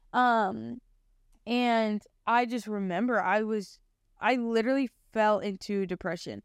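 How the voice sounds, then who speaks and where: A woman's voice: fairly high pitch, steady tone, a little slow, smooth, dry recording, clean studio sound. A young adult woman sharing her personal Christian testimony in a casual, heartfelt way, often saying "like". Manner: casual, heartfelt, heavy use of "like".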